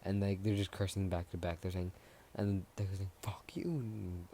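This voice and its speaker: A man's voice: low-pitched, little pitch movement, normal speed, dark tone, a little hiss or hum. A man casually narrating his own fan story, rambling and offhand with frequent fillers.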